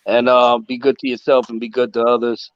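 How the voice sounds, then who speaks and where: A man's voice: mid-range voice, little pitch movement, a little fast, no echo, highs cut off. A man calling into a livestream by phone, laid-back and easygoing. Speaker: livestream guest. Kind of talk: casual chat.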